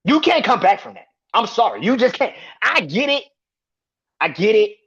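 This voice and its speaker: Husky man ranting with swinging pitch. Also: very animated, normal speed, a bit bright. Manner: profane, exasperated, repeats himself. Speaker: podcast host. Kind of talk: heated wrestling rant. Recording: dull lo-fi recording.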